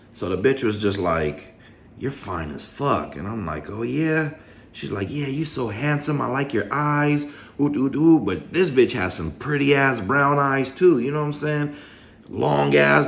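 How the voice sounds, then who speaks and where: Animated man telling a slangy story. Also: medium pitch, reverberant. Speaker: storyteller vlogger. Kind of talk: casual storytelling.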